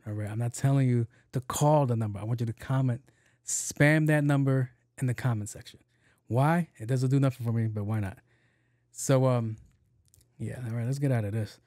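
A man's voice: mid-range voice, warm tone, no room sound, clean studio sound. A young adult man hosting his own podcast, ranting casually and profanely with bursts of laughter. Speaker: podcast host. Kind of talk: casual solo podcast rant.

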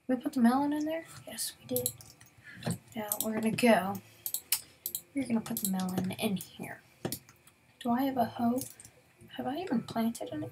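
Young woman, gaming commentary, chatty, slips into whispers, slightly high pitch, faint background hiss. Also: unhurried, creaky, long pauses, a little mellow. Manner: chatty, talks straight to viewers, often drops to a whisper. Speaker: gaming YouTuber. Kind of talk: casual Minecraft let's-play commentary.

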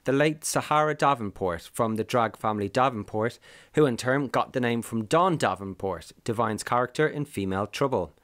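A man's voice: medium pitch, fairly bright tone, dry recording, studio quality. A man doing scripted narration for a video, running through a list of names with brief wry asides. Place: lives in the UK.

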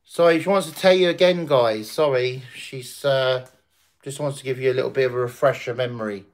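A man's voice: mid-range voice, fairly quick. A man hosting a casual livestream, crude, swearing and boisterous. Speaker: livestream host.

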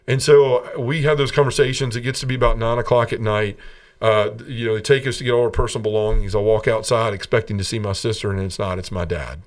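On a podcast, a middle-aged guest tells his personal testimony with earnestness, frequently restarting his sentences and dropping his volume when he quotes other people. His voice is on the low side with a clean tone, and the mic sounds distant.

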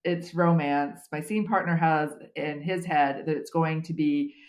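A middle-aged woman from the United States chats as a podcast guest, joking at her own expense. Her voice sits on the low side, and her talk is relaxed and full of filler words. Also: a little slow. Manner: humorous, self-deprecating, chatty with many fillers. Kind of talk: conversational interview.

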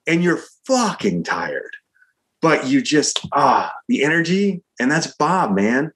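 Man, screenwriter guest, energetic, rambling, casual interview talk. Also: medium pitch, unhurried, slight background noise. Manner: energetic, rambling, says dude and man a lot.

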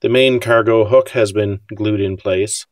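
A man's voice: fairly low pitch, steady tone, measured pace, no room sound, clean studio sound. A man casually talking through his scale model build, wry and self-deprecating about his mistakes.

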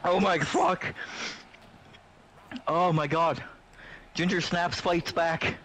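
A man's voice: on the high side, fairly even intonation, slow pace, a bit bright, a little hiss or hum. A man casually commentating a wrestling video game with friends, with profane, laughing hype play-by-play. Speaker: gamer mock-commentating a wrestling match. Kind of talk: casual gaming banter.

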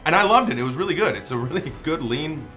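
A man's voice: fairly high pitch, lively intonation, fast, over music. A man guesting on an interview, chatting in a playful, jokey way and laughing often. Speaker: actor guest. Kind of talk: casual press junket chat.

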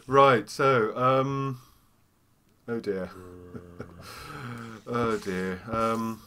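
A man's voice: medium pitch, extremely slow, long pauses, sharp tone, a little hiss or hum. A man giving casual let's-play commentary, chatty and full of "oh dear" asides. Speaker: gamer.

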